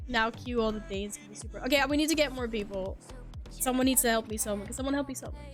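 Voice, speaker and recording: A woman's voice: fairly high pitch, quick pace, soft background music. A young woman streaming a game, chatting to her viewers in a playful, self-mocking way, laughing and swearing casually as she plays. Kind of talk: casual live-stream chat while gaming.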